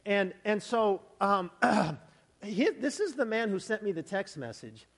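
A male pastor giving a sermon, shifting from scripture readings into a lively conversational story. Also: high-pitched, unhurried, slightly rough. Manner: conversational storytelling, animated retellings. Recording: hall reverb.

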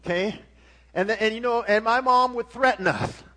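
A man's voice: high voice, moderate pace, pushed and bright. A middle-aged man preaching a sermon as pastor, emphatic with frequent restarts and swelling volume.

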